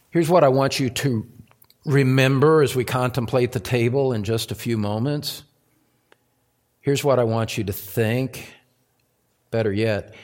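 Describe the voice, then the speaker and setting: Slow-talking guy preaching in church, earnest, repeats himself, gets loud on the big words. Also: mid-range voice. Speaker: pastor. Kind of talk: sermon.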